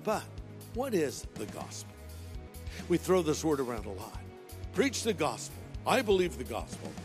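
A man's voice: on the high side, very animated, moderate pace. A man preaching a sermon as a pastor, telling a funny story conversationally and acting out the voices in it. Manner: conversational, humorous, acts out voices in his story. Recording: long hall reverb, faint music.

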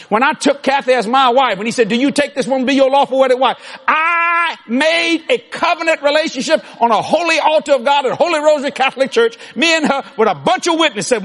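A man preaching a sermon in an animated way, often shouting and laughing. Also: extremely high pitch, brisk, few pauses.

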